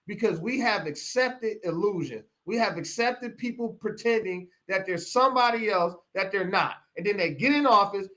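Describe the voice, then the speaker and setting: Heated high-voiced man ranting. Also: pushed and bright. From Pontiac, Michigan. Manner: heated, preachy, repeats phrases for emphasis. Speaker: show host. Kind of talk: live broadcast commentary rant.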